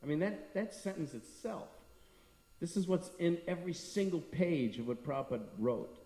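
Middle-aged male speaker, devotional talk, animated anecdotes; long reverb, voice from a distance. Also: on the high side, moderate pace. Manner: storytelling, acting out quoted people. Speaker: temple speaker. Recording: echoey hall from a distance.

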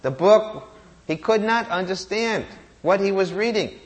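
A man's voice: high-pitched, expressive, unhurried. A man giving a sermon, reciting Sanskrit verses and asking rhetorical questions that he answers himself. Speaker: preacher.

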